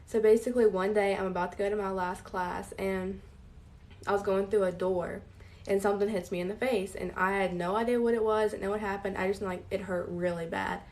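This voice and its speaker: A woman's voice: medium pitch, steady tone, brisk, darkish tone. A young college-age woman telling a casual story time, with many fillers. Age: young adult. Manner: filler-heavy narrating. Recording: voice a bit distant from mic.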